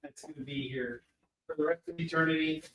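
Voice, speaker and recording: Casual male stream host, a bit higher-pitched, sarcastic and chatty, talking up cheap comics live. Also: steady tone, a little fast, a bit bright. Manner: sarcastic, joking, chatty with many fillers. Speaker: live shopping show host selling comics.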